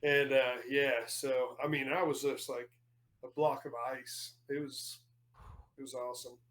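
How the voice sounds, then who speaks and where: A man's voice: medium pitch, flat delivery, measured pace, fairly bright tone. A man telling stories in casual podcast chat, rambling with many fillers and restarts.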